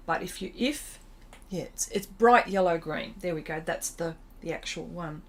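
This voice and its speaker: A woman's voice: fairly low pitch, moderate pace. A middle-aged woman, hosting an art livestream and chatting casually with viewers as she draws, reading their comments aloud in a self-deprecating way. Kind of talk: casual chat while drawing.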